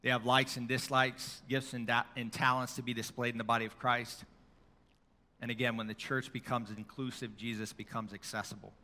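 A man's voice: mid-range voice, level tone, a little fast, bright, forceful tone, in a large hall. A middle-aged man preaching a sermon in a church, telling stories in a conversational way with fillers.

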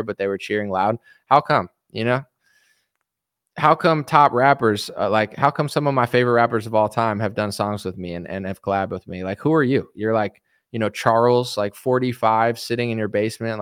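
A man's voice: mid-range voice, a bit bright, smooth, no echo, studio quality. An American man in a casual reaction chat, answering viewer comments in a rambling, blunt and defensive way, full of fillers. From United States.

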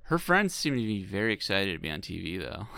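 Casting note: jokey co-host, bright smooth voice, dry close sound. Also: deep voice, big pitch swings, fairly quick, no room sound. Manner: jokey, crude asides, laughs often. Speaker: podcast co-host. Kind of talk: casual chat.

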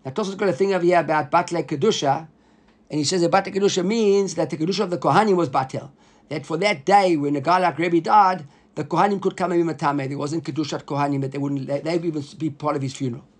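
Male Talmud teacher, high voice, lively and animated lecturing. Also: fast. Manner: animated, acts out the quoted rabbis in a raised voice; mixes Hebrew and Aramaic terms into English.

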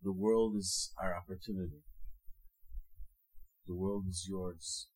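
An older man, a rabbi, giving an animated sermon full of jokes and acted-out little scenes. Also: low-pitched, slow pace, breathy edge, low-quality recording.

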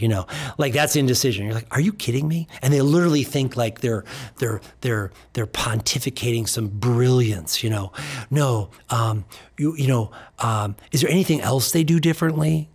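A man in his fifties hosting a motivational podcast, emphatic and preachy, slowing down to stress key words and acting out his talks with clients. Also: mid-range voice, breathy edge. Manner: acts out dialogue with clients. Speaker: podcast host and practice coach.

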